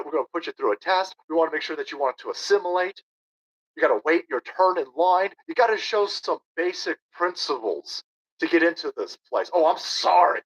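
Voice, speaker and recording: A combative man in his thirties rants sarcastically on his livestream, his fairly high voice swinging wildly up and down. The audio is dull and lo-fi. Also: fairly bright tone. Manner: sarcastic, combative, reads chat aloud. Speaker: political livestream host. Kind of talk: ranting livestream commentary.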